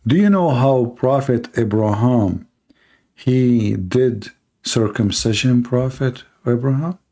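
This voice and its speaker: A man hosting a live-streamed call-in debate, talking in a mocking, sarcastic way and laughing at his callers, with halting restarts. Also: medium pitch, mellow.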